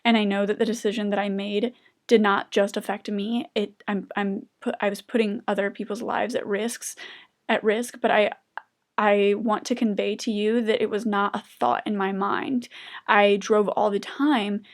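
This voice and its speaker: A young adult woman in a personal confessional monologue, speaking emotionally with halting restarts and pauses. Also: mid-range voice, little pitch movement. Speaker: vlogger sharing recovery story.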